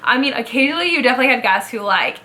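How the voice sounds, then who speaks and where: A woman's voice: a little high, expressive, rapid-fire, bright, forceful tone. A young woman in her twenties chatting casually and upbeat about her old job as a ride guide, full of "like" fillers. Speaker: vlogger, former theme park ride guide. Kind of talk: casual chat.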